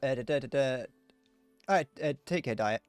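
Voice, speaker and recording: A young man with a Northern Irish accent chats loosely with his stream audience as he plays, chuckling at his own humor. He has a clear, resonant, mid-range voice, expressive at a normal speed. The sound is dry, with soft music behind him.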